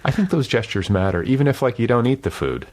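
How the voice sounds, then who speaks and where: A man's voice: mid-range voice, sing-song, quick pace. A man hosting a podcast, talking candidly in a loose, self-deprecating way with frequent swearing and fillers. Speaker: podcast host. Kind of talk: casual conversation.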